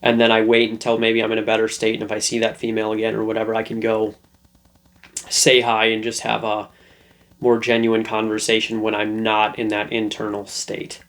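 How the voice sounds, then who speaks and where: A man's voice: on the low side, monotone, fairly quick, fairly bright tone. Casual man giving relationship advice. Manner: loose, conversational, with fillers and restarts. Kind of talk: casual talking-head lesson.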